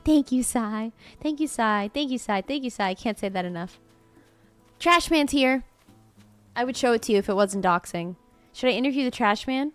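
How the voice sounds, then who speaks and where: Brief: young adult woman streamer, slightly high voice, loose playful banter with faint guitar music behind. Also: expressive, normal speed, clean tone. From Florida. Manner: playful, laughs often, swears casually. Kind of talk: casual live-stream chat.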